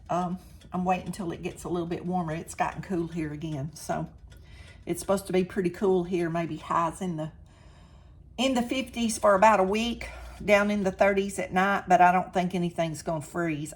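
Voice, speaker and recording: A woman's voice: medium pitch, a bit bright. An older woman, chatting directly to viewers while cooking and tasting food in her home kitchen. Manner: chatty, talks straight to viewers, eats on camera. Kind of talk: casual cooking vlog.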